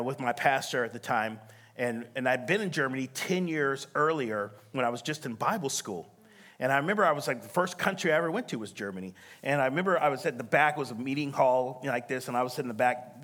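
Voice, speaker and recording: A man preaching to a congregation, his pitch swinging high and low as he acts out the people in his story. He talks at a medium pitch with quick bursts of laughter and frequent calls of "come on" and "amen". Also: fairly bright tone. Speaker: pastor. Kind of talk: sermon.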